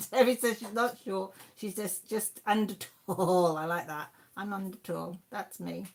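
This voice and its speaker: Chatty and quick to laugh, this livestream host, a woman from Wales in her fifties, reads names and comments from the chat aloud. She speaks at medium pitch, steady, a little slow and creaky.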